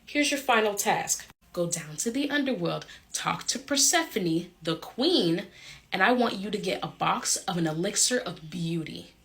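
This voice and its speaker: A woman's voice: medium pitch, animated, a little slow, a bit bright. A woman voicing a scornful goddess of love who gives orders condescendingly. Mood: haughty.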